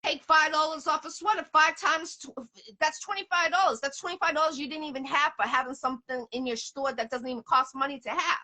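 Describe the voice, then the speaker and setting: A woman hosts a relaxed interview, her voice high and bright. She talks emphatically, circling back to the same points again and again. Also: fairly quick. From Boston area. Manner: emphatic, repeats herself, promotional. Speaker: host. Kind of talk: casual interview chat.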